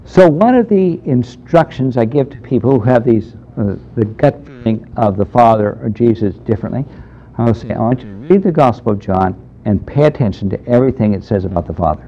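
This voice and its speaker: A man's voice: medium pitch, lively intonation, brisk, slight background noise. A man teaching a Bible class in a conversational, emphatic way, taking questions from the room. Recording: dull lo-fi lecture recording.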